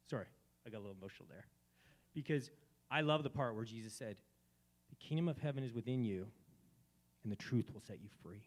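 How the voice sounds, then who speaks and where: A man's voice: medium pitch, very animated, brisk, pauses often. Fervent male host preaching at a gathering. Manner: fervent and preachy, swinging from soft to loud. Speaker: event host. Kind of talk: spiritual talk at a live gathering.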